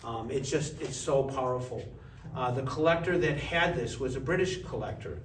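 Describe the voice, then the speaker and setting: A man telling lively anecdotes in a casual gallery talk, acting out the people in his stories. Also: moderate pace. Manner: animated anecdotes, acts out voices with big pitch jumps. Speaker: art collector giving a gallery talk. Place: museum gallery. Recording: echoey gallery, distant mic, faint hiss.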